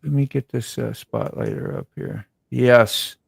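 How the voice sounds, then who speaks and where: A man's voice: mid-range voice, wildly swooping pitch, a little slow, creaky, slightly rough, no echo, rough recording. A man hosting a casual chat in a laid-back way, full of "you know" and "man". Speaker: show host.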